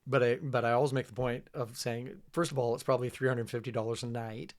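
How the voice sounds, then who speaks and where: A man's voice: mid-range voice, flat delivery, fast. Laid-back middle-aged man telling travel stories. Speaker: guest, fishing trip leader. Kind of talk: casual podcast conversation.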